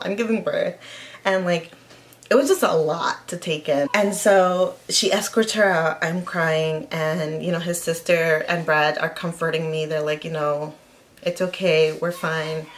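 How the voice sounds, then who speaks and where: A woman's voice: on the low side, slight background noise. A woman telling a personal story in a casual vlog, rambling, with lots of "like" fillers. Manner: rambling, heavy use of "like" fillers. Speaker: vlogger.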